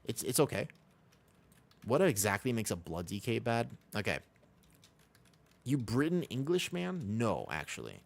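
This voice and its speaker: American man, game streamer, casual chatty talk, animated pitch. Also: unhurried, creaky, pauses often. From Los Angeles, USA. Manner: chatty, reads viewer questions aloud and answers casually. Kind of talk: live-stream game commentary.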